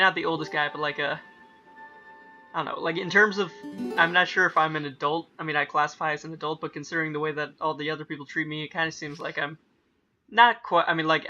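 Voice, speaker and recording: Over faint game music on a dull lo-fi mic, a young let's-play gamer chats loosely as he plays. He keeps fixing his own sentences partway through and acts out the game's lines in playful voices. His voice is a little high, with a sharp tone.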